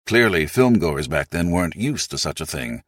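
A low-voiced man narrating a nonfiction audiobook. He tells it in an expressive, emphatic way, and his pitch rises and falls widely. The recording is dry and close, with no room sound. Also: moderate pace, dry recording.

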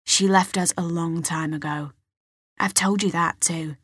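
A weary middle-aged father brushes off every question in a low, curt, tired voice, as a woman reads him. The voice is breathy and close, in a dry room with no echo. It is an audiobook role. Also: fairly even intonation, unhurried, fairly bright tone. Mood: exasperated.

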